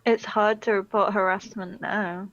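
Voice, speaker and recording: A woman's voice: medium pitch, steady tone, measured pace, fairly bright tone. A woman co-hosting a casual livestream chat and dropping dry, teasing quips. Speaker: co-host. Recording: dull lo-fi stream audio.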